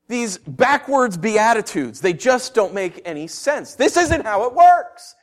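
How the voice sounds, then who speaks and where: A man preaching a sermon, asking rhetorical questions and swinging from quiet asides to loud declarations. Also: sits high, very animated, a little slow, hardly any pauses.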